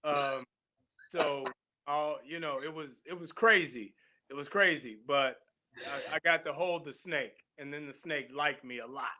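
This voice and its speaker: A man being interviewed as an actor, chatting casually and telling playful, animated stories. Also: fairly high pitch, measured pace. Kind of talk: casual chat.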